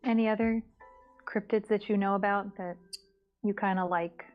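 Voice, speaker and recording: A woman co-hosting a comedy stream, chatting casually and encouraging her partner with quick, upbeat affirmations. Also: medium pitch, steady tone, lo-fi sound, soft background music. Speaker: comedy show co-host. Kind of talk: casual chat.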